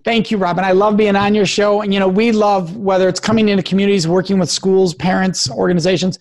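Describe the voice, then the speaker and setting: A man's voice: sits high, flat delivery, fast talker. A man, a guest expert in an interview, talking in an earnest, emphatic way as he gives advice. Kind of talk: interview conversation.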